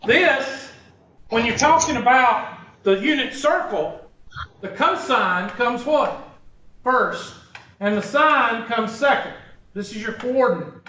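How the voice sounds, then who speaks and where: A man's voice: very high voice, animated, slow, pauses often, pushed and bright, slight background noise. A man teaching a math class in a classroom, blunt and joking, wandering off into stories. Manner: joking, digressive, blunt storyteller. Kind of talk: classroom lecture. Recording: roomy, distant, dull lo-fi room recording.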